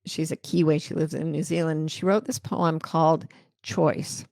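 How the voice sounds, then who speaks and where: A middle-aged American woman hosting a live talk, reading viewer questions and a poem in a gentle, reflective way. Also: sits low, flat delivery, normal speed, vocal fry, no echo, studio quality. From United States. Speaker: host answering viewer comments.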